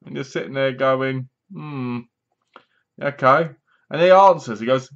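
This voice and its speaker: A man's voice: mid-range voice, measured pace, creaky. A man casually reviewing a horror film, rambling and sarcastic, with many restarts. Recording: dull lo-fi home recording.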